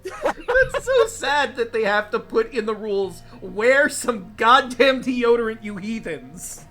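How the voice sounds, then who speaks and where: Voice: medium pitch, big pitch swings, slow pace, bright, forceful tone, soft background music. A player chiming in with short reactions and laughter in a casual chat.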